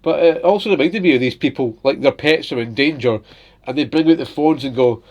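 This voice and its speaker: A man's voice: fairly high pitch, brisk, darkish tone, muffled recording. A young adult man casually telling funny stories about his pet and his workplace, laughing often and slipping into little voices. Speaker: vlogger. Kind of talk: casual storytelling.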